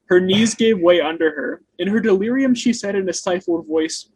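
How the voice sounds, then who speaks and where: A man's voice: sits high, moderate pace, darkish tone, slight background noise, low-quality recording. A man in a casual book discussion, reading long passages aloud and chuckling between lines.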